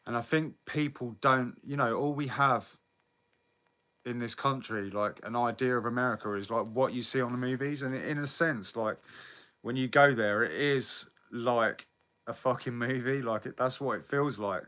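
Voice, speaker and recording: A man's voice: mid-range voice, moderate pace, sharp tone. A young British man chatting casually on a live stream, rambling, swearing often and answering viewer comments. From Britain. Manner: rambling, swears often, laughs between lines.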